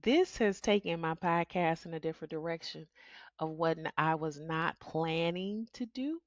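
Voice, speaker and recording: A woman's voice: deep voice, moderate pace, dry recording, muffled recording. A middle-aged woman hosting a solo podcast, talking candidly and chatting with frequent laughs. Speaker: podcast host. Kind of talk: casual solo podcast talk.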